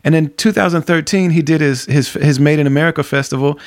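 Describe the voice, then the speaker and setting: A man's voice: fairly high pitch, fairly even intonation, quick pace. A man hosting a podcast interview, telling stories in a casual way, full of "you know" and restarts. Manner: storytelling, many fillers like "you know". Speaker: podcast host.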